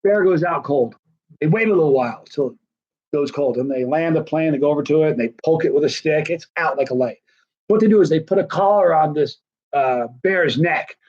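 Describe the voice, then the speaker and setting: A man's voice: on the high side, fairly quick, a little mellow. A middle-aged man telling a personal story in a rambling, conversational way with many fillers. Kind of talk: casual storytelling. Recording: dull lo-fi recording.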